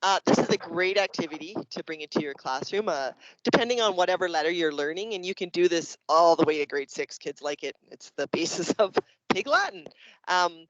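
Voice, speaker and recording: A Canadian man, a teacher, presenting classroom activities to other educators in a lively way, acting out his examples. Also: fairly high pitch, a little fast, dry recording, dull audio. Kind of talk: explanatory workshop presentation.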